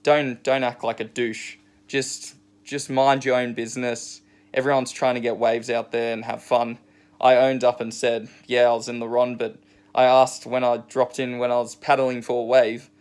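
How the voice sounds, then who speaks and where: Rambling surf vlogger. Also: male voice, mid-range voice, little pitch movement, normal speed, clean tone. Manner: rambling, many fillers. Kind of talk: casual storytelling rant.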